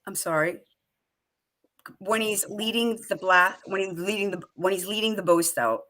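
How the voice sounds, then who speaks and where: A woman hosts a casual live chat, her voice bright and forceful. She is excitable, laughs often, and breaks into quotes of film lines as she talks. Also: medium pitch, normal speed. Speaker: show host.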